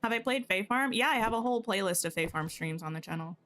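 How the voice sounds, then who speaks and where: A woman livestreaming a game chats casually, thinking aloud and tossing playful asides to her viewers. Her medium-pitched voice is animated, fast and fairly bright.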